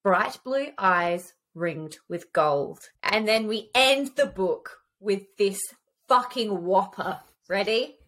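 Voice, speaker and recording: A woman's voice: mid-range voice, lively intonation, slow pace, fairly bright tone. A woman co-hosting a casual book podcast who reads quotes aloud with feeling and swears freely. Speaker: podcast co-host. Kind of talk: casual book chat with read-aloud passages.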